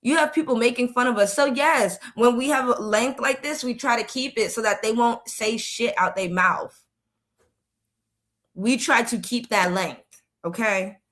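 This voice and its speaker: A woman's voice: a little high, a little slow, a bit bright. A woman streamer giving casual, candid reaction commentary on a video, reflective and repeating her points.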